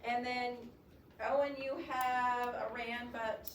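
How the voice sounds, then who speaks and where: Classroom teacher, female, expressive reader who coaxes answers; distant mic, noisy classroom. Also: on the high side, takes it slowly. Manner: expressive reader, coaxing questions to students. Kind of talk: classroom poetry reading and discussion. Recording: roomy classroom sound from a distant mic with noise.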